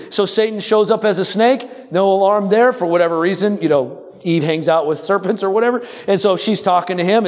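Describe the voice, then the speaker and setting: High-voiced pastor preaching in an echoing hall. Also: male voice. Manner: animated, calls on the congregation to respond. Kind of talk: sermon.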